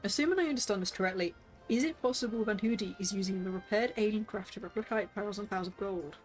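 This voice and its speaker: A woman's voice: medium pitch, fast talker, soft background music. A woman streaming a game, chatting playfully with viewers and reading character lines aloud with lots of laughter.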